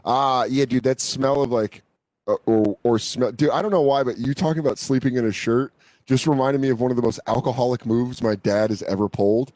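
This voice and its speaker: A man's voice: medium pitch, steady tone, fairly quick, a little mellow, dry recording, low-quality recording. A man hosting a podcast, telling crude comic stories in a loose, swearing, casual chat. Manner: loose, swearing, storytelling with silly voices. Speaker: podcast host.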